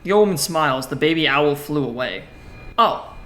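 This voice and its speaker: A bright, clear-toned man talks through a text adventure, reading its lines aloud and reacting with casual, profane asides. The recording carries a faint hiss underneath. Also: fairly high pitch, normal speed. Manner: casual, swears, jokey self-talk; reads game text aloud in a flat voice. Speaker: gaming streamer. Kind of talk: let's play commentary, reading game text aloud.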